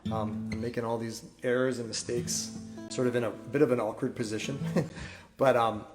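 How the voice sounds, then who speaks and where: A singer-songwriter at home, telling a candid story between songs on his phone, reflective and halting with restarts. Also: mid-range voice, fairly even intonation, music in the background. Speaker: singer-songwriter streaming a live concert. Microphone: phone, wearing headphones.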